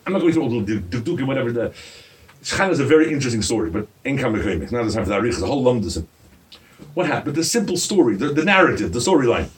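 A man preaching a sermon as a rabbi, animated and firing rhetorical questions at his listeners. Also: mid-range voice, rapid-fire, far from the mic.

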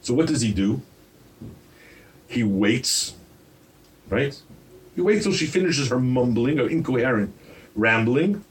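Animated male preacher, distant mic. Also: medium pitch, measured pace, pauses often. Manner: animated, rhetorical questions to the crowd. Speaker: rabbi. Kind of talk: sermon.

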